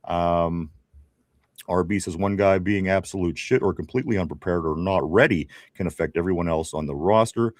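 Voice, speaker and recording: Male sports podcast host, Pittsburgh accent, lowish voice, casual, laughs a lot. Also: normal speed, no room sound, clean studio sound. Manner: chatty, laughs often, many restarts. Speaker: podcast host reading live chat.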